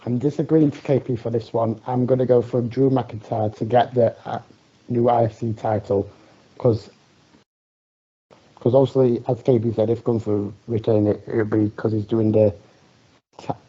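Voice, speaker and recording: A man with a very dark, mellow, low voice talks through his predictions step by step in a casual chat. The recording sounds dull and lo-fi.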